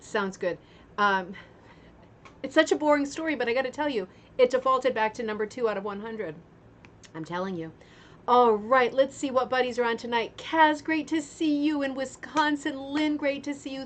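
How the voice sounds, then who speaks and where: Woman host, home livestream, slightly high voice, friendly chatter, faint fan hum behind. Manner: chatty, greets viewers one by one. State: recovering from a sore throat. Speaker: livestream host of a craft club. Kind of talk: casual livestream chat. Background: fan running.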